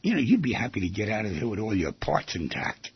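A man giving an animated talk, firing off rhetorical questions and acting out quoted voices, on a slightly muffled lo-fi recording. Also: fairly low pitch, quick pace, breathy edge, no echo. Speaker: speaker giving a talk on relationships. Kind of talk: animated lecture to an audience.

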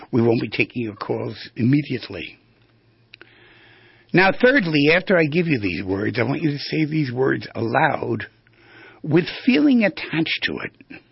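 Gravelly, very husky male radio host. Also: medium pitch, dry recording, dull audio. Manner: animated, demonstrates vocal tones, rambling with restarts. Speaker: radio talk show host. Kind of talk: instructive radio talk.

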